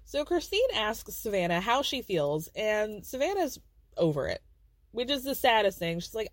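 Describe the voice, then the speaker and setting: A woman's voice: fairly high pitch, brisk, dry recording. A woman hosting a podcast, recapping a reality show in casual, blunt, profane chat and acting out the people she quotes. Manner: blunt, profane, animated storytelling with quoted voices. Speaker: podcast host.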